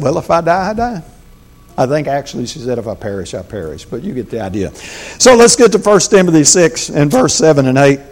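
A man's voice: a little high, darkish tone. An older man, a pastor, preaching a folksy, conversational sermon with frequent stammered restarts.

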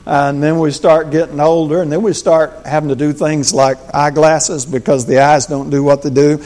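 Man, older, pastor, folksy sermon, slightly raised pitch, conversational restarts. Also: darkish tone.

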